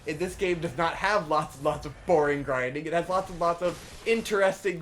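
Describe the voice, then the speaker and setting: Young guy ranting over a game, swears a lot, bit higher voice, faint hiss behind. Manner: profane, ranting, swings from mumbling to shouting. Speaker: let's play co-host. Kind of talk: casual gameplay commentary.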